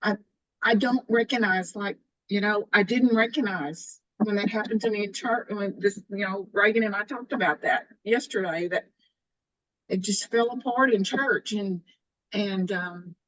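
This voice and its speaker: A woman in her sixties sharing her own experience in a faith group, halting and restarting as she speaks. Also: medium pitch, a bit bright, low-quality recording. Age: 60s. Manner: halting, with many restarts and fillers.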